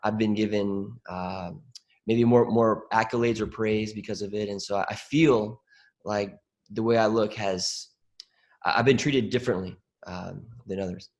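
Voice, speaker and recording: A man's voice: on the low side, fairly even intonation, moderate pace. A man moderating a group conversation on a video call, speaking in a reflective, hesitant way with many fillers. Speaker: discussion moderator.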